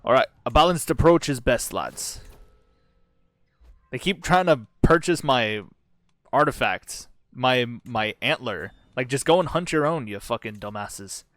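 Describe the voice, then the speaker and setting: A man's voice: medium pitch, lively intonation, unhurried, a bit bright, no room sound. A man casually commenting on a strategy game as he plays, reading out its text with profane, sarcastic asides. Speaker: gaming channel host. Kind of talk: casual let's-play commentary.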